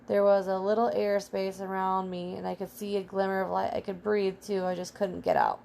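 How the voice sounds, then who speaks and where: A plucky pet hamster tells his own adventure in an earnest, excitable way, voiced by a woman. The pitch stays fairly flat and even, with a gravelly edge to the voice. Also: normal speed, lightly acted. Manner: earnest, excitable first-person storytelling. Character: small brave pet hamster, male.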